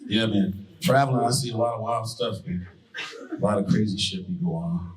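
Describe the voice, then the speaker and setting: A stand-up comedian from Brooklyn, New York, performs a profane, conversational set with punchy delivery on a live stage before an audience. His voice is lowish and his speed normal. The recording is low quality, with a loud crowd.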